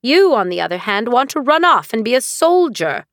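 A woman's voice: fairly high pitch, sing-song, normal speed, a bit bright, no echo, clean studio sound, voice pushed up. A woman voicing a stern aristocratic mother who speaks in cold, clipped, dismissive lines in an audiobook. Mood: icy. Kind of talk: audiobook character reading.

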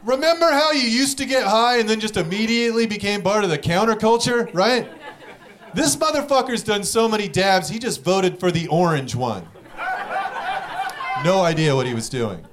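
A young man doing a stand-up comedy set, telling stories in a profane, rapid way with act-outs, audience laughing behind him. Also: high-pitched, lively intonation, noisy background.

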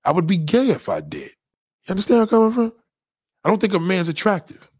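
A man's voice: fast, husky, no echo, clean studio sound. A middle-aged man ranting bluntly and crudely while he answers viewer questions on a livestream. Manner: blunt, profane, animated, swings high and low in pitch. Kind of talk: crude casual rant.

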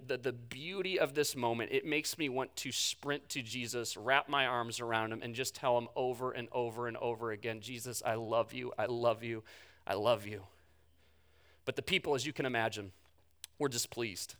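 A pastor with a mid-range voice preaches a sermon, telling the story animatedly and swinging between loud bursts and hushed words.

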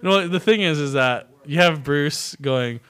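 A man's voice: fairly high pitch, measured pace, clear, resonant tone. A man, a chef, telling kitchen stories in casual chat, swearing freely and acting out what others said. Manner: animated storytelling, swearing, acting out quotes.

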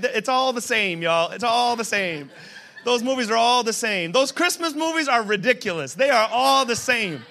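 A man's voice: high voice, bright, forceful tone. A young man preaching a casual, conversational sermon, often laughing and asking the congregation questions. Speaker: pastor.

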